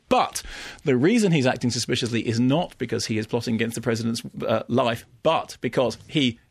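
A man in a radio studio, reviewing films in a ranting, theatrical way and slipping into comic impressions. His voice sits at a middle pitch and sounds close and dry, with no room around it. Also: slightly rough, no echo. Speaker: film critic. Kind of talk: animated radio film review.

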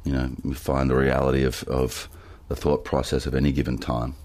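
A man being interviewed in an archive clip, answering haltingly with slow pauses. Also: rumbling low, flat delivery, darkish tone.

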